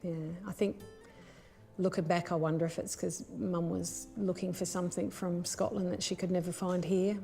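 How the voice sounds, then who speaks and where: A woman speaking in a measured, reflective way in an interview. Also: fairly low pitch, little pitch movement, gravelly, warm tone, faint music behind.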